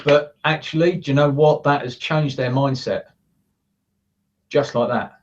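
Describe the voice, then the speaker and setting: A man's voice: a little high, steady tone, measured pace. Distant, muffled man coaching earnestly. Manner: earnest, acts out quoted thoughts. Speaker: guest, coach. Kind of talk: casual interview chat. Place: his office.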